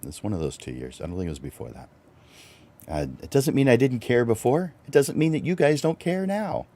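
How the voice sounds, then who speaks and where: Talking a little fast, a middle-aged man who is both host and photographer leads a livestreamed coaching session on business for photographers. He's lively and laughs readily, his pitch leaping upward for emphasis.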